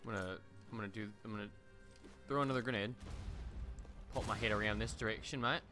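A man's voice: fairly low pitch, brisk, bright, forceful tone, faint music behind. A young man giving joking, profane gameplay commentary into a desk mic on a stand, with sudden shrieking outbursts. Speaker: gaming streamer.

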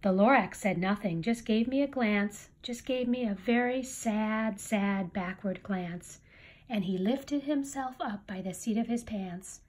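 A woman's voice: medium pitch, measured pace, darkish tone. A woman reading a rhyming picture book aloud with a rhythmic storybook delivery. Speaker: reader.

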